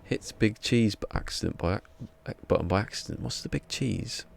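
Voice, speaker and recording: A man's voice: fairly low pitch, fairly quick, creaky, a little hiss or hum. A man with an English accent chatting casually on a live stream, rambling and chuckling as he reads the chat, a little drowsy. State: a bit drowsy.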